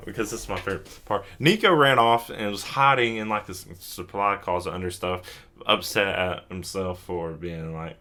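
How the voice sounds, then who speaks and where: A man's voice: low voice, normal speed, sharp tone. A drunk young man hosting a casual anime recap, rambling with lots of fillers, swearing and chuckling. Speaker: host.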